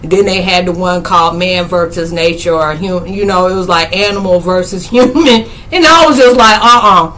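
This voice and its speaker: Animated woman telling stories with laughs. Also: moderate pace, few pauses, slight background noise, rough recording. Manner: animated, laughs often, acts out quotes in high squeals. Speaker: spiritual vlogger. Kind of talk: casual storytelling monologue.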